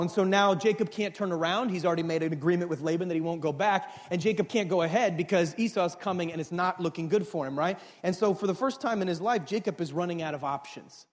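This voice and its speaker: High-voiced preacher, casual and joking. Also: male voice, a little fast. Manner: casual, joking retelling addressed to the congregation. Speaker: pastor. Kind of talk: sermon.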